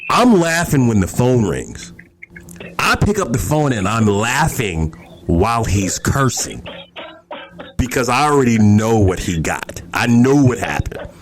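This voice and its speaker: A man's voice: medium pitch, sing-song, unhurried, soft background music. A man who is a podcast guest, telling a story in a laid-back, casual and profane way.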